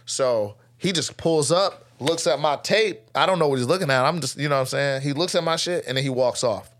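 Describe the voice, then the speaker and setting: A man telling a story in a casual podcast chat, animated and slangy with frequent laughter, close to the mic. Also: a little high, brisk. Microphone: close studio mic.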